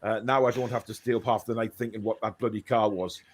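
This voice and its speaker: A man's voice: on the low side, steady tone, quick pace. A man with a Geordie accent co-hosting a casual banter show, teasing his co-host and reading out viewer comments. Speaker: podcast co-host.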